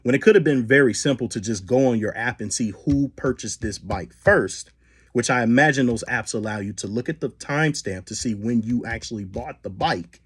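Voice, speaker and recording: A man's voice: medium pitch, normal speed, husky. A man hosting a solo commentary podcast, talking with many fillers and restarts. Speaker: podcast host.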